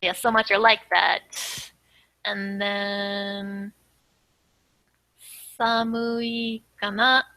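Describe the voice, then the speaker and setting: A woman's voice: medium pitch, little pitch movement, drawn-out words, vocal fry, pushed and bright, no echo, poor audio. A woman teaching a language casually, explaining with easy chatter and frequent laughs. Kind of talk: casual tutoring.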